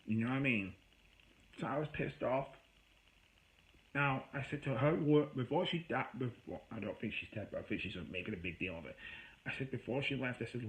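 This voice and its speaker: A man telling an emotional personal story to camera, agitated and rambling, his voice rising high when he gets worked up. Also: lively intonation, normal speed, poor audio. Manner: agitated, rambling, with raised voice when quoting himself; self-described voice that gets high when upset. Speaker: vlogger.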